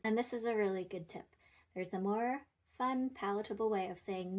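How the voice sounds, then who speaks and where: A woman's voice: mid-range voice, normal speed, a little mellow, rough recording. A young woman talking through parenting advice in a chatty, playful way, like a scripted talk to a friend. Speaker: parenting content creator.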